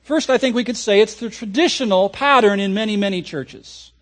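Man, very high voice, pastor, sermon, animated storytelling. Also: fairly quick. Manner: animated storytelling, acting out imagined reactions. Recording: audio recording of a sermon.

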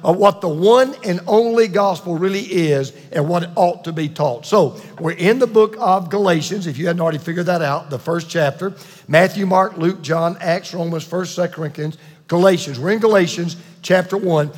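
A man's voice: high voice, moderate pace. A middle-aged man preaching a folksy sermon as a pastor, repeating lines for emphasis. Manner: folksy, repeats for emphasis, acts out quoted voices. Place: church sanctuary. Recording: echoey church hall.

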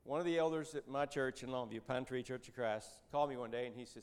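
A lay speaker, a Christian businessman in his fifties, gives a storytelling church talk in a medium-pitched voice. He talks fast and smoothly with hardly any pauses, keeping things conversational and folksy, full of joking asides and dry humor.

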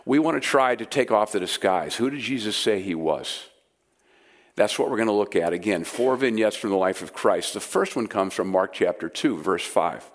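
A man's voice: lowish voice, moderate pace. A man delivers a sermon to a gathered audience. He talks in a casual, conversational way and stresses his main points with rising energy. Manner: conversational, emphatic, animated. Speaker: preacher. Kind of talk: sermon teaching. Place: room with a live audience.

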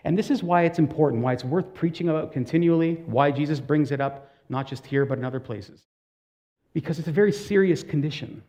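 A male pastor with a higher, dark-toned voice preaches a little fast in a conversational style. He asks the congregation direct questions and tells stories sprinkled with casual asides.

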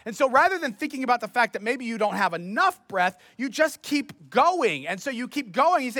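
A man's voice: extremely high pitch, very animated, a little fast, hardly any pauses, sharp tone, no echo, studio quality. A man preaching a sermon as pastor, telling stories in a conversational, self-deprecating way.

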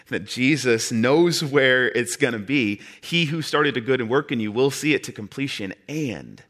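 A man preaching a sermon in an earnest way, with dramatic pauses and soft drops in his voice. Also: medium pitch.

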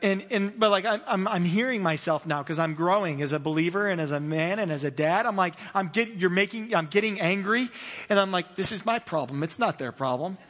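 A man delivers a conversational sermon in a high, bright voice. He laughs easily and slips into small acted-out voices to make his points. The sound carries the long reverb of a large church hall. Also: animated, a little fast. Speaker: pastor.

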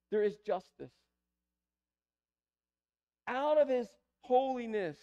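High-voiced preacher man, pleading. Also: a little mellow. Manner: pleading, building to emphatic repetition. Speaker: pastor. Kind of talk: sermon. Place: church sanctuary.

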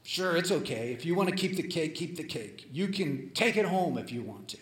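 A man voicing a gruff middle-aged diner cook who mumbles his words. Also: fairly high pitch, expressive, normal speed, close to an everyday voice. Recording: echoey room.

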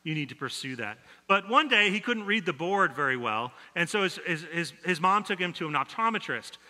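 A male pastor delivers a sermon, telling a story in an easy, conversational way and going soft for quoted lines. His voice is very bright and sits a little high. The church hall behind him rings with a long reverb. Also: expressive, a little fast.

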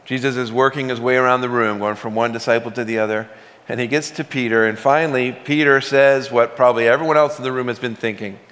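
A male pastor preaches in a relaxed, conversational manner, leaning hard on key words. He talks fast in an ordinary mid-range voice that rings with the long reverb of a large sanctuary.

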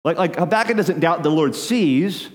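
A man's voice: on the high side, lively intonation, normal speed, in a large hall. A man preaching an earnest sermon, addressing listeners directly with urgency. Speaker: pastor.

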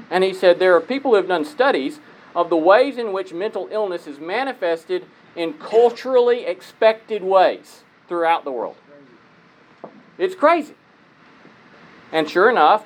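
A man's voice: fairly high pitch, slight background noise, poor audio. A man speaking conversationally to an audience, telling personal stories and asking listeners rhetorical questions. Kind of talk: conversational lecture.

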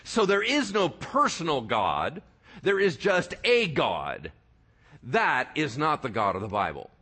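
A man preaching a sermon in a lively, joking way, often asking the congregation whether they follow him. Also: on the high side, slightly rough. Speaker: pastor.

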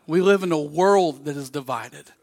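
A male pastor preaching a sermon, telling stories with lively acted-out voices. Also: fairly high pitch, normal speed, gravelly. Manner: animated storytelling, acts out voices in anecdotes.

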